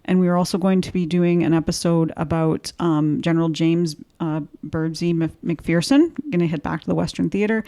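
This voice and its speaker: A Canadian woman co-hosting a history podcast in casual chat, halting with ums and restarts. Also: fairly low pitch, fairly even intonation, warm tone. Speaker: podcast co-host.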